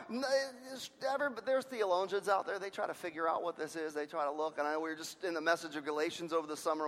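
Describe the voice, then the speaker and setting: A man preaching a sermon with passion, swinging between loud shouts and hushed, quiet lines. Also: extremely high pitch. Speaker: pastor. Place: church sanctuary. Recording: long reverb of a large hall.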